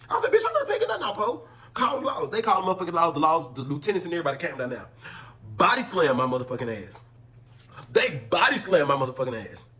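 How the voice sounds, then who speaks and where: A man telling a story in a casual, animated and heavily profane way, acting out what others said. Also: mid-range voice. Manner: animated, profane, acts out quotes. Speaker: storyteller in a clip.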